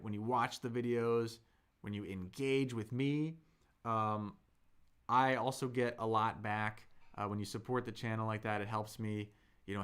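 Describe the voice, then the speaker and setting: A man hosting a live-stream Chinese lesson, slowly explaining pronunciation with lots of fillers and thanking viewers in the chat. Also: mid-range voice, fairly bright tone, clear, resonant tone. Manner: slow, drawn-out speech with many fillers, demonstrating sounds.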